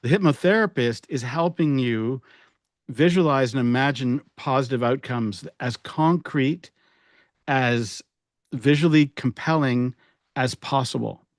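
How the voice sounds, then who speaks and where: A man hypnotherapist speaks in a mid-range voice during relaxed podcast conversation. He explains ideas with playful asides and a few restarts. The recording sounds dry and close. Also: mid-range voice, a little slow, dry recording. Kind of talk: casual podcast chat.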